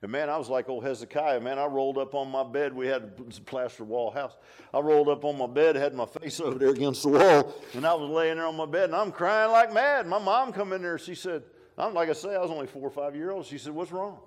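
An older man preaching a folksy, animated sermon, full of restarts and asides like "huh?". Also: a little high, a little fast.

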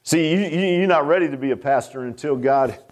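A man preaching a fervent sermon. He climbs high and loud, then drops low and quiet, and repeats his words as he goes. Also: fairly quick.

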